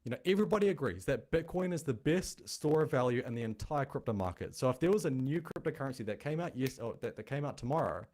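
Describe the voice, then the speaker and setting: A man's voice: medium pitch, lively intonation, fast talker, few pauses, a little mellow. A man hosting a crypto show, explaining in a blunt, chatty way with a noticeable non-American accent. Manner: blunt, chatty, thinking aloud. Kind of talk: casual explainer talk.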